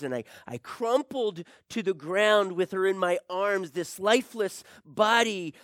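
A man tells a grieving tale in a slow, deliberate monologue. He drops into hushed whispers and rises into anguished cries. The recording is close and dry, with no room sound. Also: high-pitched, no room sound. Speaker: storyteller. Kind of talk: dramatic first-person monologue.

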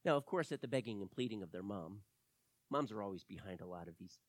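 A man delivers a sermon as an animated storyteller. His voice swings from loud emphasis down to near-whispers. The sound is dry and close, with no room around it. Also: fairly low pitch, fast talker, no echo. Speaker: preacher.

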